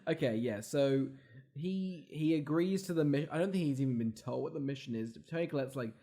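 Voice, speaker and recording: A man co-hosting a casual film-review podcast, recapping scenes in an animated, profane way with laughing asides. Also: fairly high pitch, normal speed. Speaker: podcast co-host.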